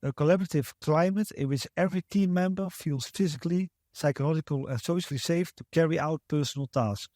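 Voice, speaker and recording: A man's voice: on the high side, fairly quick, hardly any pauses, a little mellow, dry recording, clean studio sound. A man, a guest researcher answering interview questions in a hesitant way, with many fillers and restarts.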